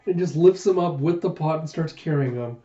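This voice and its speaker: A man reading through a manga and retelling its scenes in a casual way, with chuckles and quick asides. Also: on the high side, mellow, reverberant, highs cut off. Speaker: manga reader and reviewer.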